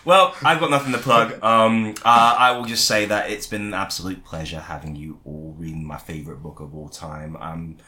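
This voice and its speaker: A man's voice: sits low, fairly even intonation, moderate pace, few pauses, sharp tone. A man hosting a comedy show, bantering in a playful, jokey way. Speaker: comedy podcast host.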